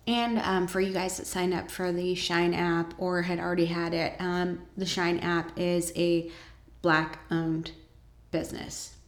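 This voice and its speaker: Woman vlogger, casual chat full of ums and bursts of enthusiasm, slow pace, echoey room. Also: on the low side, little pitch movement. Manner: chatty, lots of ums, enthusiastic asides. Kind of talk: casual chat about shows and books.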